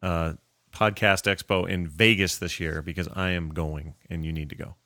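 Podcast co-host, man, low voice, dry close sound, jokey reader of listener mail. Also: fairly even intonation, moderate pace, bright, forceful tone, no echo. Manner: jokey, reads listener messages aloud. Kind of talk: casual podcast banter.

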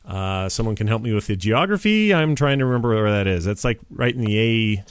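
A man's voice: lowish voice, lively intonation, fairly quick, clear, resonant tone, dry recording. Guy hosting a podcast, goofy and all over the place, dry close mic. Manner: joking, scattered, self-deprecating. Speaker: podcast host. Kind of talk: casual podcast banter.

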